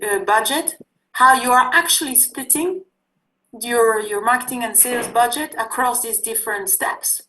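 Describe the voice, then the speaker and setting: A woman's voice: on the high side, pushed and bright, poor audio. Woman lecturing with lots of fillers. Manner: conversational, searching for words with many fillers. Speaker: instructor. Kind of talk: online class lecture.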